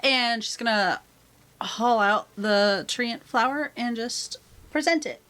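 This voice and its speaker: A woman playing a tabletop game, chatty and animated, with frequent filler words. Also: on the high side, slow, a little hiss or hum. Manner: lively, chatty, lots of "like". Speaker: player.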